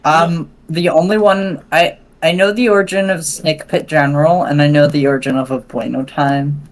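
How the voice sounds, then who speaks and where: A woman's voice: deep voice, fairly even intonation, moderate pace. A woman co-hosting a casual group podcast, joking sarcastically with friends. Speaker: podcast co-host.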